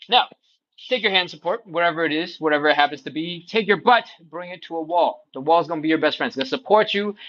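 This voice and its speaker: A man's voice: fairly high pitch, fairly bright tone, lo-fi sound. A man leading a live stretching workout, explaining each step in an encouraging, playful way. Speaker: stretching instructor.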